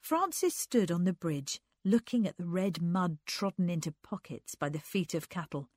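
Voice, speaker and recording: A woman narrating a literary story aloud in an unhurried, expressive reading. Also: on the low side, dry recording, clean studio sound.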